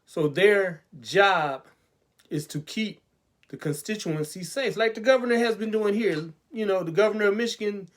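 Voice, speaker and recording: A man's voice: high voice, normal speed. A man hosting a web talk show, speaking in a sarcastic, preachy way that is full of rhetorical questions.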